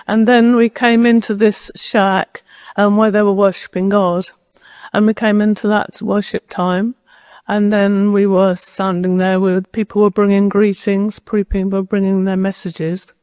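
A woman's voice: medium pitch, little pitch movement, unhurried, darkish tone, clear, resonant tone, no echo. A woman preacher giving a sermon, telling a personal story in a conversational, direct way.

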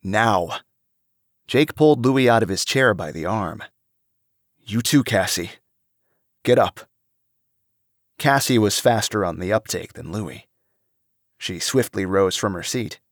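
A man with a low voice reads a story aloud, rising and falling expressively. The recording is close and dry, with no room sound. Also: normal speed, no room sound. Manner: expressive, lively reading. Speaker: narrator. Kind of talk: storybook reading.

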